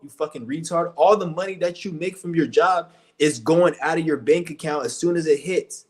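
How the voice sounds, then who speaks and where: A man's voice: fairly high pitch, brisk, few pauses. A man talking to camera in a blunt, heated rant full of profanity. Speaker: vlogger.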